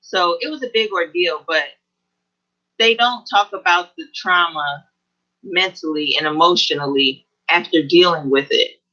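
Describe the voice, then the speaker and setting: A woman guest on an online interview, talking in an earnest, halting way about her experience. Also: lowish voice, bright, forceful tone. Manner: earnest, halting with frequent pauses. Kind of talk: personal testimony in an online interview. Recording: dull lo-fi video call audio.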